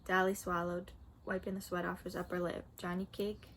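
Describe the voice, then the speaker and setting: A woman's voice: on the low side, completely flat delivery, fairly quick, a bit bright, a little hiss or hum. A woman teacher reading a novel aloud to her class, with plain conversational asides.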